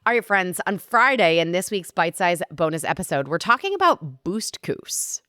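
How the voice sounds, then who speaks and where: A woman's voice: fairly low pitch, big pitch swings, moderate pace, bright, forceful tone, no echo, studio quality. A woman hosting a wellness podcast, closing an interview and signing off in an upbeat, friendly way. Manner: upbeat, friendly wrap-up patter. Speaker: podcast host.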